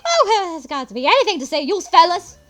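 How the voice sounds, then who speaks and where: A menacing male loan shark thug snarls and barks threats, put on by a woman reading a game aloud. The voice sits high and swoops widely from word to word. Faint game music plays underneath. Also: big pitch swings, fast, a bit bright, exaggerated voice.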